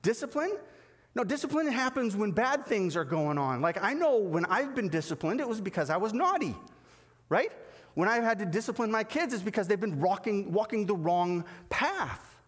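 A man preaching a sermon as pastor, animated and acting out the voices he quotes. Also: high voice, normal speed, long reverb tail. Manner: animated, acts out quoted dialogue.

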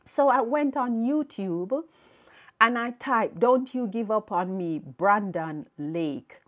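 Slow-speaking woman sharing a faith testimony. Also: medium pitch, lively intonation. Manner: earnest, reflective storytelling with soft laughs. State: tearful, emotional. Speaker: podcast host.

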